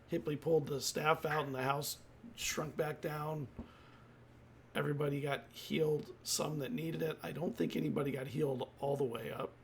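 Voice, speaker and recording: Gravelly game master, casual. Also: male voice, fairly high pitch, slight background noise. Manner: casual, laughing, rambling. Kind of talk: narrating a tabletop game.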